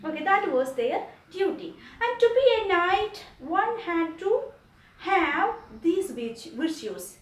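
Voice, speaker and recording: Indian lady teaching kids english, slow and repetitive, sounds far from the mic in a roomy space. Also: very high voice, big pitch swings. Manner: repeats and explains slowly to children. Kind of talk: online class lesson.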